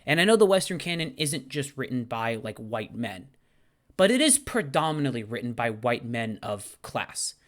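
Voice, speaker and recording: A young man in his twenties, a high school English teacher, answering viewer questions in a casual vlog, animated and outspoken with some casual swearing. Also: normal speed, few pauses.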